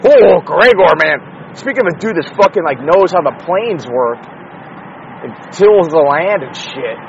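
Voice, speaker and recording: Man, young, fairly high voice, solo podcast host, wandering profane asides, muffled recording from a car with faint traffic behind. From Chicago area, United States. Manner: rambling, profane, self-interrupting asides. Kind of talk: casual solo MMA commentary. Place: in a car with the window open. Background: traffic and street noise.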